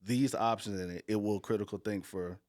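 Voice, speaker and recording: A man's voice: lowish voice, steady tone, brisk, darkish tone, dry recording, clean studio sound. A man speaking as a podcast guest about mentoring youth, earnest and building his points by repeating himself. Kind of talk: casual conversation.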